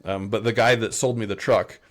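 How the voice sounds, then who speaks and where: A middle-aged man with a Utah American accent, telling rambling anecdotes in a relaxed interview, slipping into playful quoted voices. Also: lowish voice, brisk. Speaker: podcast guest. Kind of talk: casual storytelling interview.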